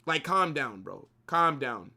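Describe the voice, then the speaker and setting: Bright-voiced young man ranting football. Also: medium pitch, takes it slowly, vocal fry. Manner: animated, opinionated, swears casually, slangy. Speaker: watch-along co-host. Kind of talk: live football watch-along chat.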